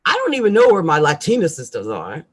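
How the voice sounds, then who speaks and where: A middle-aged woman astrologer ranting irritably on a live stream, with loud outbursts and quiet asides. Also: sits low, wildly swooping pitch, fast, husky.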